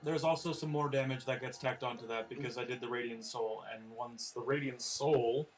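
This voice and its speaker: A man's voice: medium pitch, steady tone, normal speed, slight background noise. Man chatting casually over a game. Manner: chatty, unsure, self-correcting. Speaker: player. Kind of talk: casual tabletop game talk.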